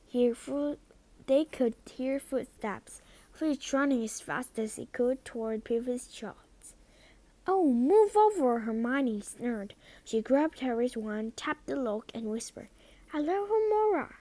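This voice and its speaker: Woman reading a storybook slowly. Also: on the high side, mellow. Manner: slow, careful, sometimes whispered. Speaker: reader.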